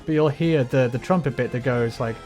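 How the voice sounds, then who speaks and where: Over faint game music, a man streams casually with a middle-pitched, darkish voice and a brisk delivery. Thinking aloud loosely, he breaks down chords and rhythms, explains music theory, hums and sings bits of melodies, and swears a lot when things go wrong in this casual gaming livestream chat.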